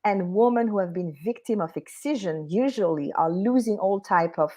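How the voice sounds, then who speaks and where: A woman's voice: medium pitch, normal speed, mellow. A woman with a French accent, a native French speaker, speaking as an interview guest and executive coach in an earnest, explanatory way. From France.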